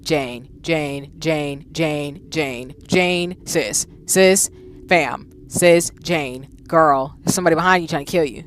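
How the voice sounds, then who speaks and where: A woman hosting a gaming channel, reacting loudly to a visual novel and repeating words in rapid bursts. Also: low voice, slight background noise. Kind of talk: reacting aloud while playing a visual novel.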